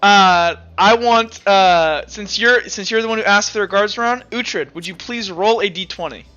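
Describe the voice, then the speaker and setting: A man's voice: high voice, moderate pace, sharp tone, lo-fi sound. A man narrating as game master of a tabletop role-play session, laughing often as he describes scenes.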